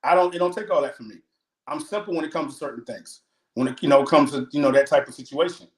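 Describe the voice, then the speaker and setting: A man's voice: fairly high pitch, fast talker. Laid-back man co-host, echoey room. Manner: laid-back, repeats "you know what I'm saying". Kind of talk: casual chat.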